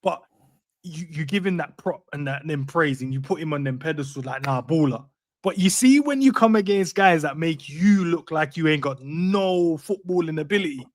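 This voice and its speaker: A man's voice: fairly high pitch, expressive, moderate pace. A young man co-hosting a casual football chat, slangy and rambling, laughing often. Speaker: football podcast co-host.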